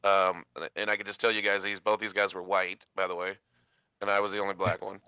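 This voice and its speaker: A man telling a long personal story in casual chat, animated and acting out the quotes with laughs. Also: low voice, brisk, clear, resonant tone, no echo.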